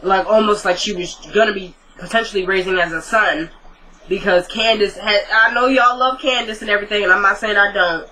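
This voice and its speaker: A woman's voice: mid-range voice, brisk, sharp tone, rough recording. A woman casually recapping a TV drama episode, retelling scenes by quoting the characters, with many likes and asides. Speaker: TV recap vlogger.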